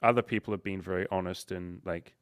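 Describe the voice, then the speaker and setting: Male coach hosting a livestream, low-pitched, lively and profane, on a dry close mic. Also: a little fast, dry recording. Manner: animated, profane, acts out quoted voices. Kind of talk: casual livestream monologue.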